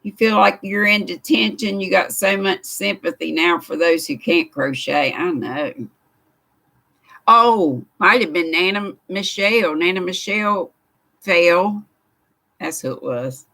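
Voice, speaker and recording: A woman's voice: lowish voice, a little slow, creaky, pushed and bright. An older woman with a Southern American accent hosting a casual live stream from a craft room, greeting viewers by name in a chatty, homespun way. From United States. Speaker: livestream host. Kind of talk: casual live chat, reading viewer comments.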